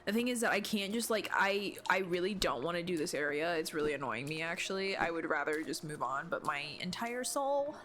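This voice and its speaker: A woman's voice: lowish voice, expressive, brisk, few pauses, fairly bright tone. Exasperated woman streamer swearing at a game. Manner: swearing, exasperated, thinking aloud. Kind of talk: casual gameplay commentary. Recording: game music behind her voice. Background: game music.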